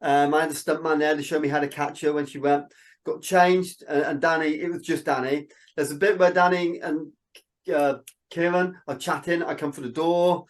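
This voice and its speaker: A man's voice: fairly high pitch, moderate pace. Chatty man telling stories. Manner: animated storyteller, quotes people in dialogue. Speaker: interview guest, filmmaker. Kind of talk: casual interview chat.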